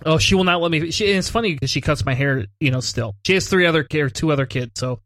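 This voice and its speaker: Animated man telling funny stories. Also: on the high side, fast, dry recording. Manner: animated storyteller, laughs often, swears casually. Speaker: podcast co-host. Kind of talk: casual chat.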